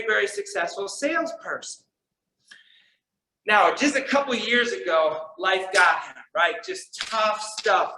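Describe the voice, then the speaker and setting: A man with a high, bright voice delivers a storytelling conference speech. His tone is earnest and shifts between soft, quiet passages and emphatic ones. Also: rough recording. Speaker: keynote speaker.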